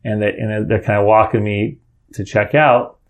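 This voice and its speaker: A man's voice: on the low side, flat delivery, moderate pace. A middle-aged father telling a personal story in a casual, earnest way, rambling and often restarting his sentences.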